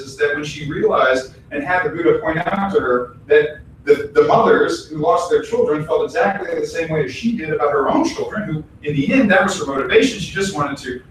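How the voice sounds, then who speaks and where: A man preaching a casual, conversational sermon at a temple, animated and chatty, breaking into voices as he tells examples. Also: on the high side. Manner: animated, acts out quoted voices, chatty asides. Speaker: temple minister. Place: temple hall. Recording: echoey hall, distant mic, faint noise.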